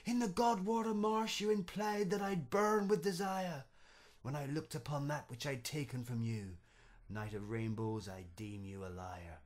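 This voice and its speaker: A man voicing a vain, pompous otter king with a booming, indignant manner in a storybook verse reading. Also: fairly even intonation, a little slow, hardly any pauses, a little mellow, natural voice.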